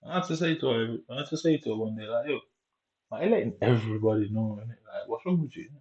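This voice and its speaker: A young man rambles through a personal story at an easy, unhurried pace. His speech is full of "innit" and "you get me", with a mid-pitched, everyday voice. The recording sounds dull and lo-fi. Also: animated, darkish tone. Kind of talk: casual storytelling monologue.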